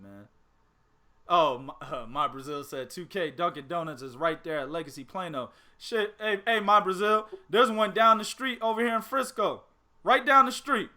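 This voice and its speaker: A man hosting a boxing podcast, chatting casually, animated and profane, laughing often. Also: high-pitched. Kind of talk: casual chat.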